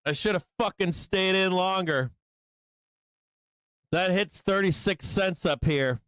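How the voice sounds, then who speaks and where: Profane excitable trading-show host. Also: male voice, high-pitched, slow, clear, resonant tone, no room sound. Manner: profane, excitable, yells at the chart. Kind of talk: profane live market commentary.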